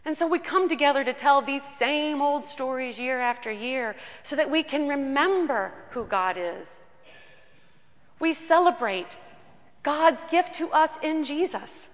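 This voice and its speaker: A woman pastor preaches in a church, weaving personal stories into her sermon with earnest warmth. Her voice is bright and sits a little high. A long reverb hangs behind her words. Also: measured pace, long pauses.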